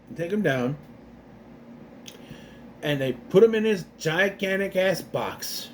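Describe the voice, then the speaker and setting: Slight background noise accompanies a man's high voice as he rambles through a casual TV episode recap. His intonation is lively, he restarts a lot, and he performs the characters' lines in quick voices.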